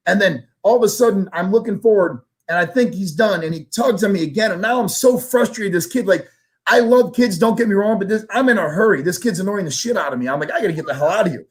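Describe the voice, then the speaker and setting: A man telling a story in a casual show conversation, animated, acting out the voices of the people in it. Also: sits high, fast talker. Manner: animated, acts out voices in anecdotes, casual swearing. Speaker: guest storyteller.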